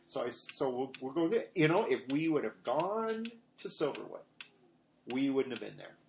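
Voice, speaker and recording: With a gravelly, slightly mellow medium-pitched voice that swings widely in pitch, a middle-aged pastor delivers an informal sermon at a moderate pace. He rambles conversationally through personal stories, acting out quotes in a raised voice, recorded in an echoey room with faint noise.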